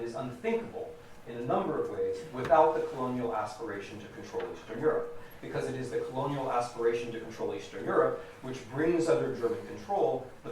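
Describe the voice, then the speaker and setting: A man's voice: mid-range voice, a little hiss or hum. American man lecturing in an echoey hall. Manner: emphatic, repeats key phrases for stress. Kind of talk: public lecture. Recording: echoey hall recorded from a distance.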